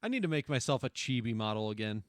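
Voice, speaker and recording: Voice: mid-range voice, sing-song, fast, dry recording, studio quality. A game streamer reading dialogue aloud and joking around, playful, swearing often, trying out silly voices. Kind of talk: casual gameplay commentary reading dialogue aloud.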